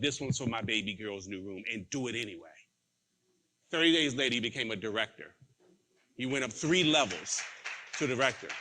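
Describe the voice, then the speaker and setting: A man's voice: medium pitch, bright, forceful tone. A man giving a motivational sales training talk, telling a story and acting out the quoted dialogue in it.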